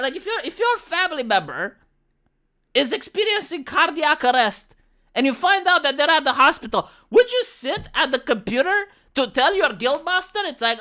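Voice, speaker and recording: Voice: sits high, normal speed. A streamer with a Romanian accent, ranting bluntly and with plenty of swearing in a casual livestream about leading raids. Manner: blunt, profane, animated ranting. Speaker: streamer and former raid leader.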